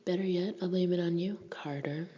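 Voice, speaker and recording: A woman narrator voicing a married man on a secret phone call, in a whispered role-play, placating and hurried. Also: high-pitched, steady tone, warm tone, close to an everyday voice.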